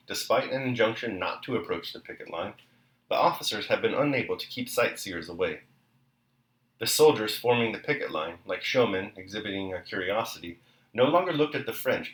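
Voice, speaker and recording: A man reading a novel aloud and then reflecting on the chapter, in a measured, even delivery. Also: fairly low pitch, roomy sound, poor audio. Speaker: reader and commentator.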